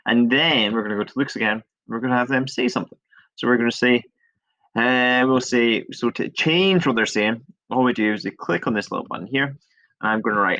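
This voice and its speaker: A male teacher walking through a coding tutorial step by step, chatty and relaxed, shrugging off his own small mistakes. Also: medium pitch, a little fast. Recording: dull lo-fi screen recording.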